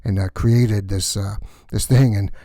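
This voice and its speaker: A man's voice: on the low side, steady tone, unhurried, warm tone, dry recording, clean studio sound. A man playing a gossipy male cleaner on a space station, rambling through chatty news full of asides in a comic sketch.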